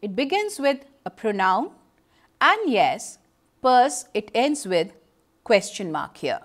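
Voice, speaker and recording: Slow, lively Indian English woman teaching. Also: mid-range voice. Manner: explains step by step, reads out example sentences. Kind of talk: educational lecture.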